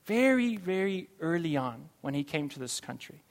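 Pastor guy preaching slow, higher voice, big echoey church hall, gets loud on the key lines. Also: sing-song, vocal fry. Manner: slow, emphatic preaching with sudden loud rises. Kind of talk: sermon. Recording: long reverb of a large hall.

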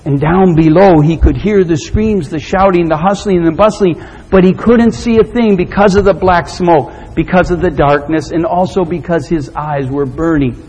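A man preaching a sermon, telling a story dramatically and swinging from loud to hushed. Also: fairly high pitch, normal speed, husky. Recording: long hall reverb.

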